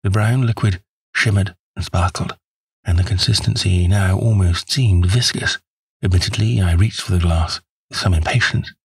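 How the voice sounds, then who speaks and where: A man narrating an audiobook in the first person, measured and wry. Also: deep voice, gravelly, breathy edge, dry recording.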